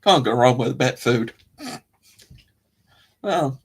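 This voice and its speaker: On a casual livestream, a male host rambles to his chat, often trailing off and starting his sentences over. His voice sits at a medium pitch and sounds expressive, and he talks at a slow pace.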